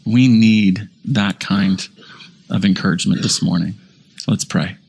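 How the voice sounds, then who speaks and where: A man pastor preaching a sermon, telling a story in an animated way and calling himself a little sarcastic. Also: fairly low pitch, a little slow, creaky, slightly rough.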